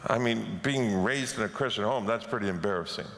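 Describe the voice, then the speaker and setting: A Canadian pastor delivers a sermon with a gravelly, bright edge to his voice. He tells stories and acts out the lines of other people as he preaches. His voice rings through a large, echoey church hall. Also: on the low side, a little fast. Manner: storytelling with acted-out quotes. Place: church sanctuary.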